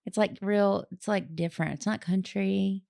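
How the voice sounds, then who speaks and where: A woman's voice: medium pitch, normal speed, creaky, no echo, studio quality. A woman with a light Southern accent hosting a casual podcast chat in an easygoing way. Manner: relaxed, easygoing, mumbles when tired. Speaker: podcast host.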